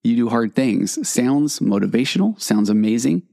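A man's voice: mid-range voice, animated, normal speed, vocal fry, warm tone. A middle-aged man, a marriage therapist hosting a solo podcast, explaining in a conversational way that wanders into tangents and acts out quoted partners.

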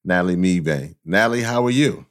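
A man hosts a casual interview podcast in a low voice. His delivery is animated and full of swings in pitch. He teases his guest playfully. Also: fairly quick. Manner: playful, teasing. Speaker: podcast host.

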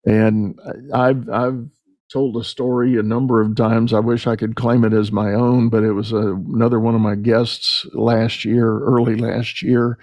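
Mellow-voiced man telling business stories. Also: mid-range voice, little pitch movement, measured pace, dry recording. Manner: storytelling, acts out quoted voices. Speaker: podcast host. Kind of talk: conversational interview.

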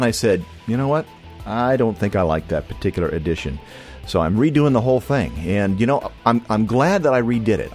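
A man's voice: medium pitch, darkish tone. Rambling man hosting a podcast. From California. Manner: rambling, with many restarts and fillers. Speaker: podcast host. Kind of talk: casual podcast monologue.

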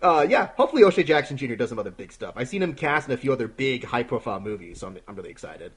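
A man hosts a casual film podcast with a husky edge to his voice. His pitch swings a lot as he rambles through the agenda, and he breaks into laughter often. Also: big pitch swings, rapid-fire. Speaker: podcast host. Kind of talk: casual chat.

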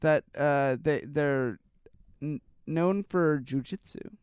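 A man chatting casually as co-host, rambling through his thoughts with plenty of fillers and restarts. His voice sits a little high and sounds smooth and clean. The sound is dry and close. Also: slow pace, darkish tone, no room sound. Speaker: podcast co-host. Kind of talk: casual chat reacting to news stories.

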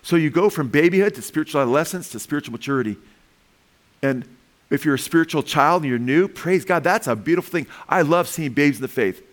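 A man's voice: a little high, fast talker. Preaching man calling out "Amen?". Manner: lively preaching with humor, calls of "Amen?". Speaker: pastor. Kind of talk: sermon.

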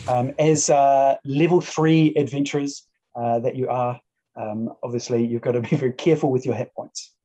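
A man narrating as game master of a tabletop game, talking in a casual, halting way. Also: mid-range voice, fairly even intonation, dark tone. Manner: casual, halting, with fillers and laughs.

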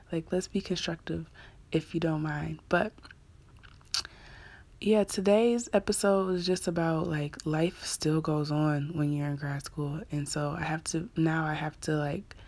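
A young woman in her twenties hosts a solo podcast in a relaxed, candid way. Her voice sits a little low and carries a steady gravelly fry. She leans on fillers and now and then sinks into a soft half-whisper. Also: no echo. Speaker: podcast host; graduate student. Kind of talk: casual solo podcast chat.

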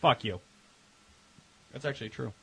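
A man's voice: medium pitch, normal speed, gravelly, pushed and bright, slightly rough. A man co-hosting a casual comedy podcast, sarcastic and provocative, full of crude jokes. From United States. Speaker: podcast co-host.

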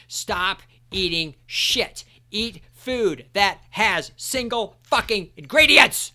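A man hosting a solo podcast, ranting angrily with constant swearing and sometimes shouting. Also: high-pitched. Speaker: podcast host.

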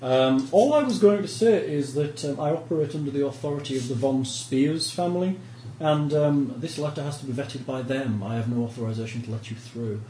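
A man's voice: medium pitch, fairly quick, mellow, echoey room, a little hiss or hum, close to an everyday voice, low-quality recording. A man doing a pompous minor noble officer. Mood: haughty. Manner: formal, haughty, polite threats.

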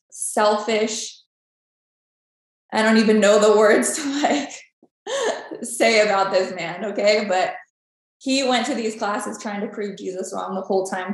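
A woman guest on a podcast, telling her faith story in a lively, storytelling way and acting out the dialogue. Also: mid-range voice. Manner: animated storytelling, acts out dialogue. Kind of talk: personal faith testimony. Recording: very echoey room.

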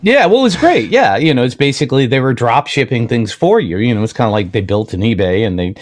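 A man's voice: medium pitch, animated, fast talker. A man hosting a podcast, telling a story casually with plenty of fillers. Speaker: podcast host. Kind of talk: podcast conversation.

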